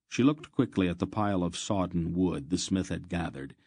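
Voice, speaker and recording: Man, very deep voice, dry close recording, steady measured audiobook narration. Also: no echo. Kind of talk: scripted fantasy narration.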